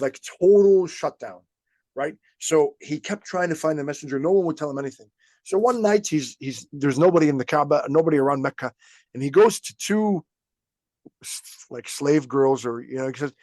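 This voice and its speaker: A man with a fairly high, darkish voice talks fast in a dry recording with no echo. He hosts a podcast and teaches religious history in a casual, storytelling style, acting out quotes and sometimes laughing, like an informal religious lesson.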